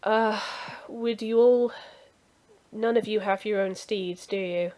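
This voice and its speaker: A woman voicing a cheerful, fussy male village healer who talks loudly and eagerly. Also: medium pitch, fairly even intonation, takes it slowly, close to an everyday voice. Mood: brisk. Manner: loud, hearty and eager.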